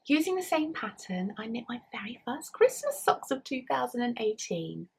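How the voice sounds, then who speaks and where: An English woman hosting a knitting podcast, chatting casually to a camera at home and often trailing off into soft near-whispers. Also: fairly high pitch, big pitch swings, normal speed, creaky, husky. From England. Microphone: camera mic.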